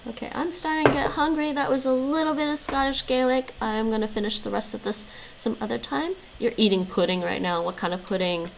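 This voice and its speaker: A woman's voice: a little high, brisk, creaky, few pauses, background noise. A woman livestreaming at home, chatting casually and answering her viewers' messages aloud while she studies languages, with frequent laughs.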